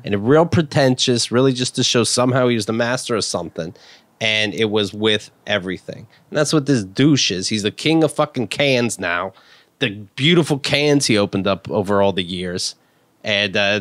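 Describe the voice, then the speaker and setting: A man's voice: lowish voice, expressive, normal speed, a bit bright, no room sound. A man appearing as a guest on a podcast, trading sardonic, profane banter with the host. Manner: sardonic, swears freely.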